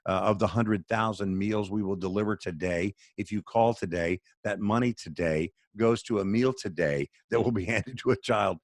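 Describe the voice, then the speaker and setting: A man's voice: fairly low pitch, moderate pace, few pauses, no echo, clean studio sound. A man who speaks for a charity, talking on a video call in an earnest, sermon-like storytelling way. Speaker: charity spokesman, radio guest.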